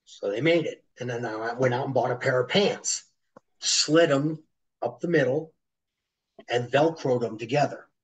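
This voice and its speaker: A middle-aged man, a former wrestler, telling animated stories as an interview guest and acting out other people's voices. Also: mid-range voice, measured pace, breathy edge, rough recording. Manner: animated storyteller who acts out voices. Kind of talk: storytelling interview.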